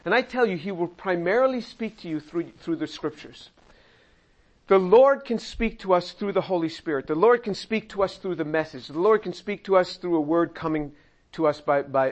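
An older man with a high voice leads a Bible study, talking through the verses in a conversational way. He acts out the voices he quotes and slips in small chuckles. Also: poor audio. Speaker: Bible teacher and chemist.

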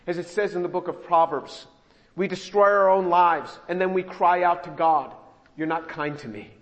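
A male pastor giving a sermon, expressive and acting out the scripture he reads. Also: sits high, normal speed. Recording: long hall reverb.

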